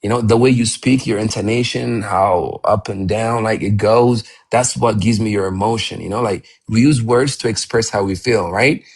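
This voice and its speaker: A male English teacher hosting a live session, talking in a lively, encouraging coaching manner. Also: fairly low pitch, moderate pace, vocal fry, hardly any pauses, husky.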